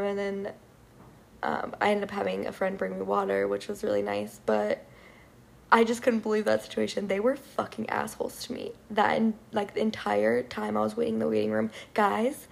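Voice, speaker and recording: A woman's voice: medium pitch, vocal fry, darkish tone. A young woman telling a frustrated, profane storytime rant to her viewers, full of "like" and swearing. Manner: frustrated, profane, filler-heavy with many "like"s. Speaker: vlogger.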